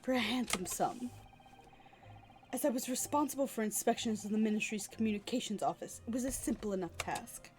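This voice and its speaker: A woman's voice: a little high, fairly quick, lightly acted. A woman reading as a bitter ambitious man confessing. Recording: faint music behind.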